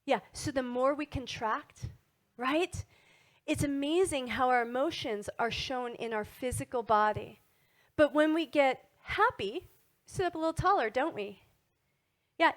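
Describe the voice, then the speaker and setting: Animated woman giving a motivational talk. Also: on the high side. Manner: animated, asks the audience many tag questions. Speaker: wellness speaker.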